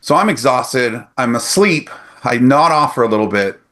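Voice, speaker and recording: A man's voice: medium pitch, normal speed. A man in his forties co-hosting a podcast, telling a story animatedly in casual chat. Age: 40s. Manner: animated storyteller acting out others' lines. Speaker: podcast co-host. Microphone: podcast microphone.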